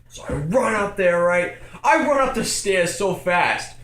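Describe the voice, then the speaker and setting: A young man telling a comic story from his own life, building to shouts and laughter as he acts it out. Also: high-pitched, measured pace, reverberant. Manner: animated, escalating, acts out quotes with shouts and laughter.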